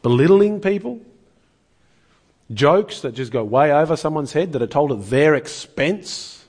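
A man's voice: on the high side, animated, unhurried, a little mellow, breathy edge. A man preaching a sermon in an earnest, conversational way, often asking the listeners rhetorical questions.

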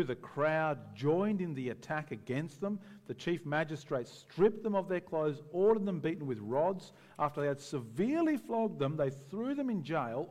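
Male preacher, higher voice, lively and conversational, puts on voices for bits of the story; long reverb in a church hall. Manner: conversational and animated, acting out voices. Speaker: pastor. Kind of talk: sermon.

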